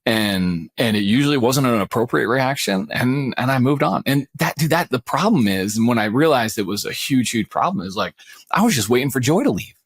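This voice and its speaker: A man in his forties shares a personal story on a podcast call, circling back and restarting his sentences as he goes. His voice sits at a middling pitch, and the sound is dry and close with no room to it. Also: lively intonation, fairly quick, dry recording. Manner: rambling, many restarts, says "man" and "dude". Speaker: podcast co-host. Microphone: remote call.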